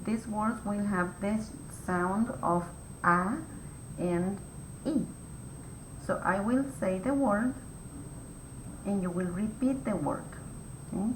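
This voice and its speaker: A woman teacher giving a phonics lesson to young children, explaining each step slowly and clearly with patient instructions. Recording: echoey room with faint rumble.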